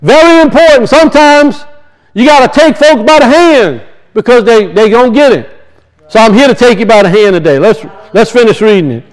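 A man preaching an impassioned sermon in a church, repeating phrases and swinging between loud emphasis and quiet. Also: extremely high pitch, lively intonation, moderate pace, rough recording. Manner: impassioned, repetitive, rising and falling emphasis.

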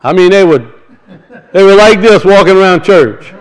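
A man's voice: sits high, expressive, normal speed, low-quality recording. A man preaching a sermon, telling folksy stories and reading scripture with rising emphasis. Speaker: pastor.

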